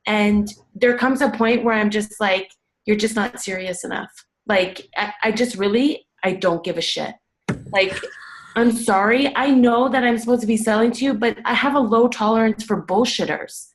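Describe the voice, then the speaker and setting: A woman's voice: a little high, normal speed. A woman coach on a casual team call, venting bluntly and swearing freely.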